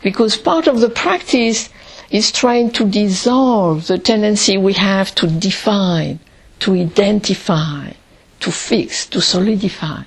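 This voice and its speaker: A woman teaching Zen meditation in a calm, reflective way, pausing often between phrases. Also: mid-range voice, breathy edge. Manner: slow, calm and reflective, with long pauses.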